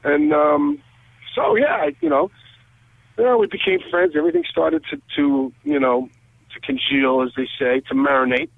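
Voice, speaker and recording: A male guitarist guest telling stories over the phone, acting out quoted conversations with lively energy. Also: sits high, moderate pace, gravelly, no echo. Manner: animated, acts out quoted conversations. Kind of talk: phone interview storytelling. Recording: tinny phone line.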